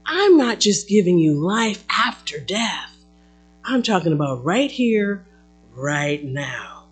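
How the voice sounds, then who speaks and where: Animated, husky-voiced woman teaching Bible study. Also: fairly low pitch, slow. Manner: animated, conversational, with playful asides.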